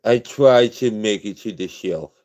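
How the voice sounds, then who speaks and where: A man from Southern Maryland hosting a casual livestream, talking to his chat and letting his voice drop deep and blunt. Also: measured pace, darkish tone. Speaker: livestream host.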